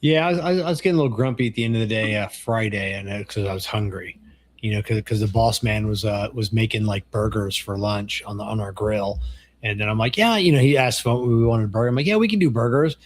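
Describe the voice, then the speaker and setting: Animated storytelling man, casual podcast. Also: fairly low pitch, fast. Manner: animated storyteller, acts out quoted dialogue, swears freely. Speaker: podcast co-host. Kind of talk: casual chat.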